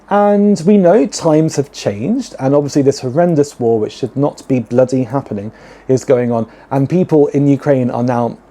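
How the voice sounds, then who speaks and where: A British man in his late thirties or forties telling stories on his podcast in a loose, rambling way. His voice is very dark and mellow, sitting at an ordinary pitch for a man. He tosses in cheeky, camp little asides as he goes. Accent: British English. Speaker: drag podcast host. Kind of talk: casual chatty monologue.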